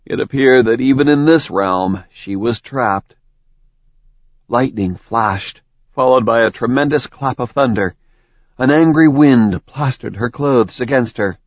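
A man narrating a dark fantasy novel in a measured, even reading. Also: mid-range voice, no room sound, dull audio. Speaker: audiobook narrator.

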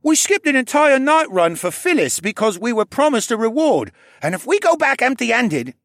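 A brash, boastful young street thief. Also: male voice, sits high, big pitch swings, no room sound, clean studio sound, voice pushed up. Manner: cocky, quick to snap. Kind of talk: audiobook character voice.

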